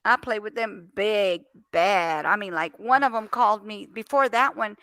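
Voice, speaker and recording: A woman chatting casually, telling a story with lively acted-out phone dialogue. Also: medium pitch, normal speed, dry recording. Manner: animated storyteller, acts out phone calls. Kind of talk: casual chat.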